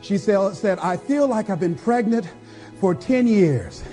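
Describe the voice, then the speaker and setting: A man preaching a motivational speech in a strikingly high, strained register. He hammers his points with short, repeated calls to action, and soft music plays beneath him. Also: lively intonation, a little slow. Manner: fiery, repetitive exhortations to the audience. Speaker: motivational speaker.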